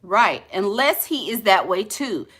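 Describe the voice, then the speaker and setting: A woman in casual, playful commentary who talks straight to her viewers and laughs often. Her voice is bright and crisp, and her pitch is middling. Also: very animated, unhurried. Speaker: vlogger talking to live viewers.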